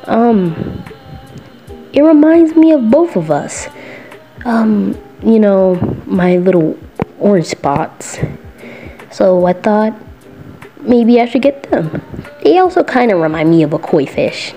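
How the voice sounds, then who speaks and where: A woman's voice: mid-range voice, animated, slow pace, mellow, soft background music. A woman voicing an upbeat, affectionate young male turtle hero who whines and gushes playfully in a fan role-play for the listener. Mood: excited. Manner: whiny, playful and clingy.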